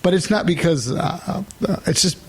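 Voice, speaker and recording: A man's voice: sits high, moderate pace, breathy edge. A man co-hosting a podcast in casual chat, laughing often and rambling with restarts. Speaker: podcast co-host.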